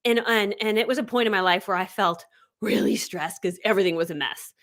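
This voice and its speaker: A woman online business coach giving a motivational talk, telling animated stories and acting out what people said. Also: mid-range voice, fairly quick. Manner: animated storytelling, acting out quotes.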